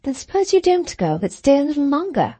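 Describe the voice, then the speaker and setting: A woman reading a wealthy, eager young woman in an audiobook, in a lively, coaxing manner, with her voice lifted above her own. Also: high voice, fairly quick, dry recording, voice pushed up.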